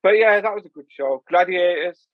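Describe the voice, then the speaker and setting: A man in his forties with a Northern English accent, chatting casually as a podcast host, animated and jokey. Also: high-pitched, moderate pace, no room sound, narrow, tinny audio. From England. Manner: animated, jokey, puts on voices. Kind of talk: casual chat.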